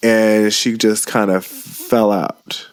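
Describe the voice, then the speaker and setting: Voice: medium pitch, level tone, slow pace, clean tone, no room sound. A podcast co-host in casual, profane chat who laughs hard at the stories.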